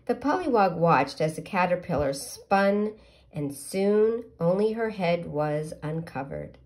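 A woman reading a picture book aloud to children, gently asking them questions about the pictures. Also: fairly low pitch, expressive, measured pace.

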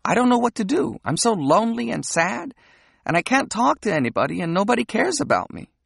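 A lonely, tearful thirteen-year-old girl pleads in a pitiful way, as an audiobook narrator voices her. The voice is husky and gravelly. It sits in a dry, close audiobook recording. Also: mid-range voice, big pitch swings, a little fast, no echo, exaggerated voice. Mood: pleading.

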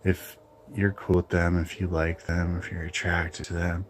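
A man hosting his own channel, ranting bluntly in a casual, halting monologue. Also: deep voice, flat delivery, slight background noise. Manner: blunt, opinionated, halting with restarts. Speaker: channel host.

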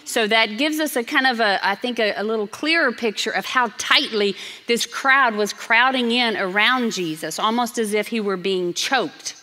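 A woman pastor preaching a sermon, earnest and emphatic, slowing down to stress key phrases. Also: on the high side, sharp tone. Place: church sanctuary. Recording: reverberant church sanctuary.

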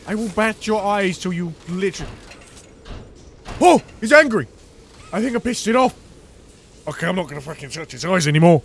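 A man commentating a horror game playthrough, swinging from quiet muttering to panicked shouts. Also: a little high, very animated, normal speed, long pauses, a little hiss or hum. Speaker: gaming video host.

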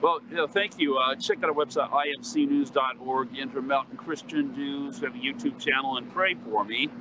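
A man's voice: mid-range voice, steady tone, a little fast. A man reporting as a correspondent in a remote interview, hesitating with many fillers and restarts. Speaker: White House correspondent guest. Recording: dull lo-fi remote audio with street noise.

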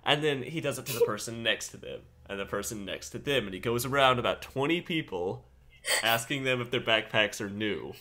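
A man's voice: medium pitch, lively intonation, brisk, sharp tone. A man co-hosting a podcast, telling a story in casual chat and laughing often. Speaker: podcast co-host.

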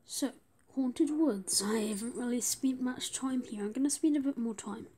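A woman giving gameplay commentary, often dropping to a whisper and breaking into excited bursts. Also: a little high, normal speed. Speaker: gamer.

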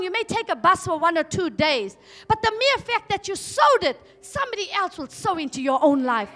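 Woman pastor from South Africa, high voice, very animated delivery, faint music behind. Sermon. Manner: dramatic swings from loud exhortation to hushed asides.

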